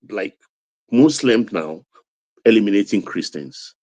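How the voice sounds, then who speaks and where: A Nigerian-accented man talking politics in a low, dark voice. He drives his points home with emphatic repetition. The sound is dry and close. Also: animated, measured pace, no room sound. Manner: emphatic, building to raised intensity. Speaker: political commentator. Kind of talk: political commentary.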